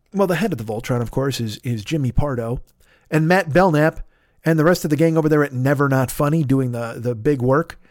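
A man with a hoarse throat, hosting a podcast and riffing loosely through plugs for other shows with plenty of swearing. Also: on the high side, darkish tone, dry recording, clean studio sound. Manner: loose, profane, jokey, riffing. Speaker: podcast host. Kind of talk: casual podcast plugs and chat.

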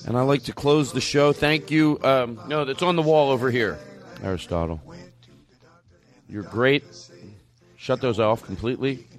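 Male comedy host, middle pitch, playful and mock-earnest, faint music underneath. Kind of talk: live comedy stage show. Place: theater stage with a live audience.

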